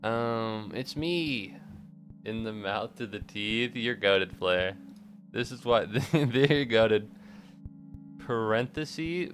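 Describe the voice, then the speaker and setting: A man's voice: fairly low pitch, lively intonation, drawn-out words, a bit bright, faint music behind. A man in his twenties chatting casually to his live-stream viewers while gaming, rambling, joking and swearing with a self-deprecating streak.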